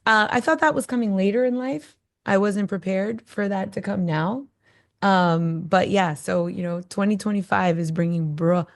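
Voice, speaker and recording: A woman's voice: mid-range voice, normal speed. A woman co-hosting a podcast in a studio, telling stories in a chatty, easygoing way with plenty of fillers. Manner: chatty storyteller with fillers and laughs. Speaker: podcast co-host. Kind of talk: casual chat. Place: recording studio.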